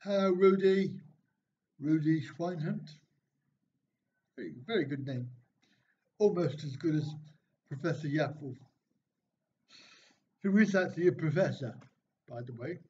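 A man's voice: fairly high pitch, unhurried, pauses often, a little mellow. A man hosting a casual live stream, reading viewers' jokes from the chat aloud and answering them with dry, self-mocking remarks. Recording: dull, slightly lo-fi stream audio with faint noise.

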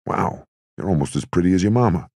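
A man with a very deep, gravelly voice voicing a blustery, streetwise young male gangster in an audiobook. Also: animated, fairly quick, a little mellow, dry recording, clean studio sound, exaggerated voice. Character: brash young male Prohibition-era gangster.

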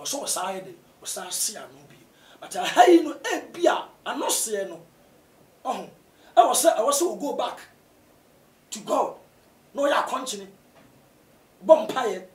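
A man with a Ghanaian accent, a pastor answering interview questions in a preaching style, often rising to shouts for emphasis. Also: extremely high pitch. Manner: animated, bursts into shouts to stress points. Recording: roomy echo, distant from mic.

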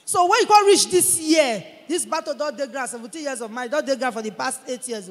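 A woman's voice: high-pitched, a little fast. Woman telling her testimony in Nigerian Pidgin. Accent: Nigerian Pidgin English. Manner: animated storytelling, acting out what others said. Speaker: church member giving a testimony. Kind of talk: testimony in church. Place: large church hall. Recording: long church-hall reverb.

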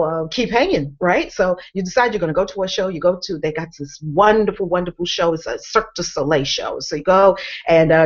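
A woman's voice: medium pitch, highs cut off. A woman hosting an inspirational morning talk, telling an imagined story in the second person and calling on listeners to stay with her. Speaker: motivational speaker and show host.

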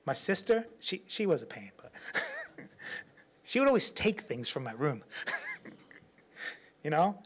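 A pastor delivers a sermon in a high, breathy voice, speaking slowly and pausing often. He tells animated stories, laughs a lot, and acts out the voices of the people he quotes.

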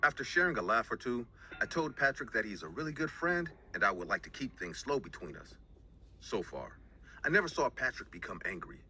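A man reading a first-person scary story as scripted narration, in an even storytelling manner. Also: mid-range voice, fairly quick, a little hiss or hum.

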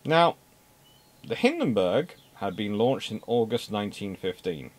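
Low-voiced man giving an emphatic history talk. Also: big pitch swings, unhurried. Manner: emphatic, repeats words for stress, dry asides. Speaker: naval history presenter.

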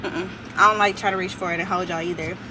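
A woman's voice: on the low side, fairly even intonation, quick pace. A young woman talking to her vlog camera while driving, out of breath and chatty, rambling on. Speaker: vlogger. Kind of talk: casual vlog chat. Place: in a car, driving. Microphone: phone or camera on a window tripod. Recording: car with road noise. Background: road and vehicle noise.

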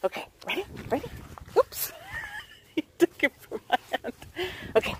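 Woman cooing at her puppy, kinda high and bouncy, faint outdoor hiss. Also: huge pitch swings, normal speed, pauses often. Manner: sing-song high praise and coaxing. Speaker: dog owner filming her puppy. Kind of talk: casual talk to a dog.

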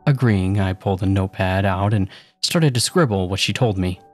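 A man's voice: low-pitched, moderate pace, faint music behind. A man narrating a first-person horror story with a casual, sarcastic tone.

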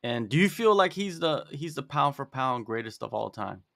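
A man's voice: mid-range voice, big pitch swings, moderate pace, gravelly, sharp tone. A man hosting a casual sports interview, laid-back, asking questions peppered with "man" and "you know".

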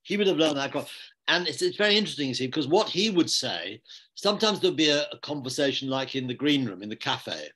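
An older man, a theatre director speaking in an online interview, telling stories in a measured, anecdotal way with frequent restarts. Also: medium pitch, animated, a bit bright. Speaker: theatre and film director, guest. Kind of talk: reflective interview conversation. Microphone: online video call.

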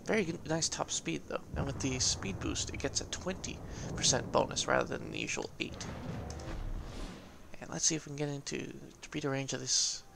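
A man giving casual, excitable gameplay commentary, laughing often and swearing cheekily. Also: mid-range voice, normal speed, gravelly, noisy background.

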